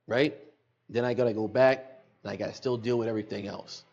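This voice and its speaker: A man's voice: lowish voice, steady tone, a little fast, darkish tone, lo-fi sound. A middle-aged man, a podcast guest, telling an emotional personal story in earnest, repeating phrases for emphasis, recorded in a studio.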